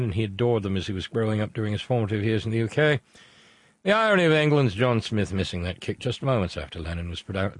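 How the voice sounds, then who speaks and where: Rambling low-voiced male show host. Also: slightly rough, no room sound. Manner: rambling, pun-heavy, stumbles and restarts. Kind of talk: live show monologue reading viewer messages.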